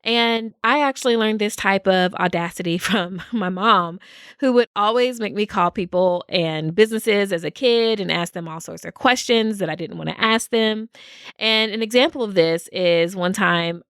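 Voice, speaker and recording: A woman's voice: medium pitch, moderate pace, a bit bright, clean tone, no room sound, studio quality. A woman hosting a solo podcast, talking in an upbeat way and laughing often. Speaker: podcast host.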